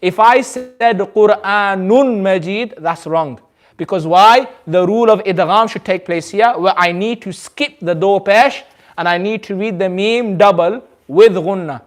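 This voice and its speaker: A man with a notably high voice leads a group tajweed class. He explains each rule patiently and repeats it often. He stretches the recited words out slowly for the class to follow. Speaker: Quran recitation teacher. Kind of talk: tajweed lesson with call-and-response recitation. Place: community centre classroom.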